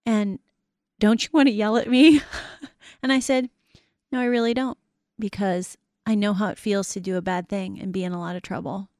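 A woman's voice: mid-range voice, steady tone, moderate pace, a little mellow, no echo. Woman host for a faith talk show, middle-aged, earnest and encouraging, quotes scripture, dry close mic.

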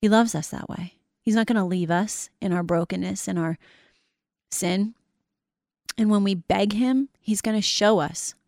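A woman's voice: medium pitch, measured pace, a little mellow, no echo. Woman host for a faith talk show, middle-aged, earnest and encouraging, quotes scripture, dry close mic.

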